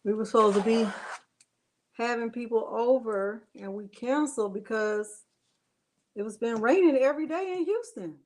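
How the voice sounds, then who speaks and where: Chatty high-voiced woman. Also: moderate pace, a little mellow. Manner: chatty, laughs often, talks straight to viewers. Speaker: craft livestream host. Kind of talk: live crafting demonstration.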